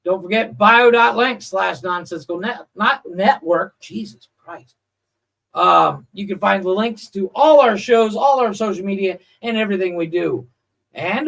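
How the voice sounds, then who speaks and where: Gravelly high-voiced male podcast host. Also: fairly bright tone. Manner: loose, joking, crude banter. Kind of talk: casual comedy podcast chat.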